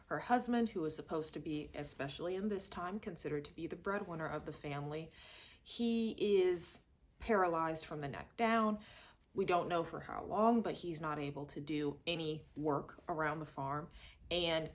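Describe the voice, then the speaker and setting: Chatty woman reviewing a movie, low voice. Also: moderate pace. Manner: chatty, expressive, acts out lines in quotes.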